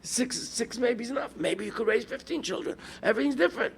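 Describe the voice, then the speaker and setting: A man's voice: very high voice, animated, quick pace, vocal fry, slight background noise. A man, a rabbi, giving an informal Torah class in a conversational storytelling manner, asking rhetorical questions and pushing some words with bursts of emphasis. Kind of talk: informal Torah lecture with stories.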